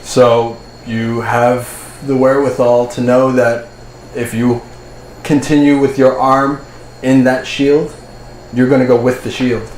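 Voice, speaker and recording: Male game master, steady descriptive narration, roomy echo. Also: mid-range voice, unhurried. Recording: echoey room, faint ambient noise.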